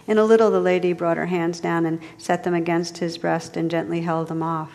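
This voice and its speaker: A woman meditation teacher reads a story aloud in a soft, measured way. Her voice sits a little low. A long reverb from the hall trails after each line. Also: little pitch movement, vocal fry.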